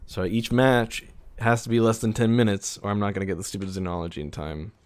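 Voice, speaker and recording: A young man streaming a shooter game, grumbling sarcastically at teammates and bursting into frustrated shouts. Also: fairly low pitch, fairly even intonation, brisk. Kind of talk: live gameplay commentary.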